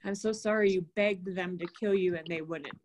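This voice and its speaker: A woman's voice: on the low side, steady tone, normal speed, darkish tone, a little hiss or hum. A woman guest in a healing session, speaking hesitantly and repeating phrases after the host. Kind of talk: emotional personal sharing.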